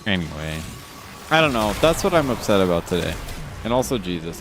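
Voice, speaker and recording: A man's voice: very animated, fairly quick, over music. A man streaming live, ranting casually with lots of swearing while reading chat comments. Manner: ranting, frequent swearing, rising exasperated pitch. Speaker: livestreamer.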